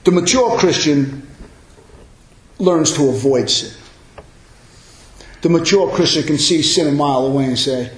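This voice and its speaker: Pastor, male, high voice, emphatic sermon delivery, echoey hall. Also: animated, a little slow, long pauses. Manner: emphatic preaching that builds to loud exclamations.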